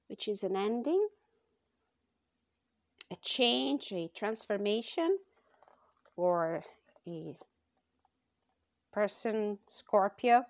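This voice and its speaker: A woman with a gravelly, fry-edged voice gives a casual tarot card reading for her channel. She talks slowly and thoughtfully, pausing often and filling gaps with little fillers. The sound is dry and close. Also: medium pitch, no echo. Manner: slow, thoughtful, with frequent pauses and fillers.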